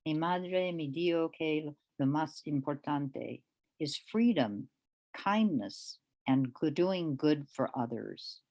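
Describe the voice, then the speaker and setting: A woman giving a poetry reading as the featured poet, delivering her lines in a deliberate, measured way with pauses between them. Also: low-pitched, lively intonation, a little mellow. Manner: hesitant, with fillers, when speaking off the page.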